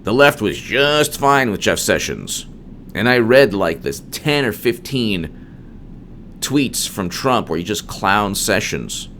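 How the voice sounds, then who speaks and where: A man's voice: on the low side, big pitch swings, takes it slowly, a bit bright, a little hiss or hum. A man hosting a solo political commentary monologue, emphatic and digressive, with frequent restarts.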